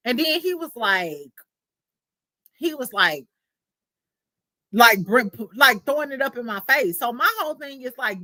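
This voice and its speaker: Woman, livestream host, bright lively voice, casual profane storytelling. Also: high-pitched, unhurried, pauses often, dry recording. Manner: animated, profane, candid storytelling.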